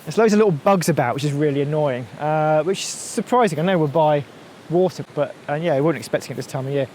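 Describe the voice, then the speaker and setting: A man's voice: fairly high pitch, fast, darkish tone, slight background noise. A man vlogging casually while out hiking, talking through the route and his gear with a joking, thinking-aloud manner. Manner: chatty, jokey, thinks aloud while walking. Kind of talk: casual outdoor vlog chat. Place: windy hillside outdoors.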